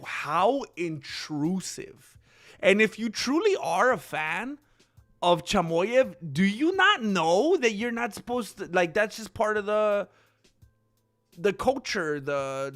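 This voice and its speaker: Man, channel host, higher bright voice, rambling stream chatter over faint music. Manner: rambling, talks back to chat comments. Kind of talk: casual livestream chat.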